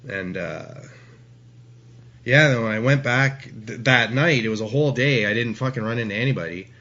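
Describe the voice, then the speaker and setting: A man's voice: medium pitch, moderate pace, pushed and bright. Profane man rambling, muffled. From Ontario, Canada. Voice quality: profane, rambling, lots of restarts. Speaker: guest. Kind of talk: casual storytelling.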